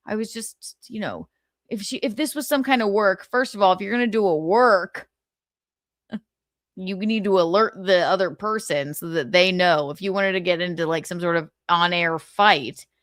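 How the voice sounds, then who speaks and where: A woman's voice: on the low side, normal speed, dry recording, clean studio sound. A woman hosting a livestream, ranting casually with lots of swearing and exasperation. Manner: animated, profane, exasperated. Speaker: livestream host.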